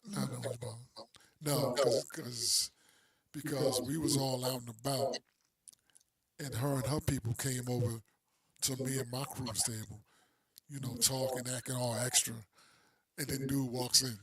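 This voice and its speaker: A man's voice: mid-range voice, steady tone, measured pace, a bit bright, husky. A man co-hosting a podcast, telling a story in loose, slangy casual chat and acting out the people in it. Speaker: podcast co-host.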